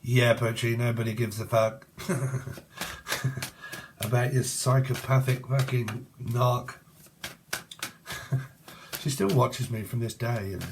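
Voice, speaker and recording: A man's voice: mid-range voice, fairly even intonation, slow, pauses often, noisy background. Blunt, foul-mouthed tarot man. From England. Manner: swears freely and rambles, chatty and blunt. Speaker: tarot reader. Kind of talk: casual tarot reading to camera.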